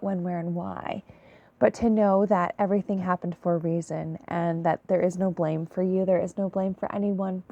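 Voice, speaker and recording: Woman, tired, slow and unhurried, soft-spoken, apologetic, mid-pitched, late-night intuitive reading. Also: vocal fry. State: tired, yawning. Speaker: intuitive reader.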